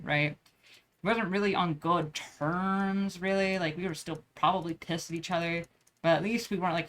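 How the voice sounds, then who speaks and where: A young woman vlogger tells a rambling personal story in a casual vlog, in a low, fairly bright voice. She swears often and uses plenty of slang and filler words.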